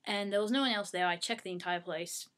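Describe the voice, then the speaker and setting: A woman's voice: medium pitch, quick pace, fairly bright tone. A young Australian woman casually answering fan questions at home into her webcam mic, chatty and self-mocking. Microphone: webcam microphone.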